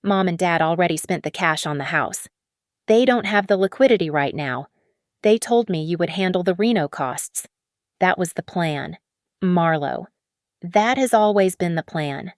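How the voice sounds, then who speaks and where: A woman voicing a spoiled, entitled young woman who snaps and whines her demands in a shrill voice. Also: lively intonation, moderate pace, no room sound, studio quality, close to an everyday voice. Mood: demanding. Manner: shrill, snapping, whiny demands.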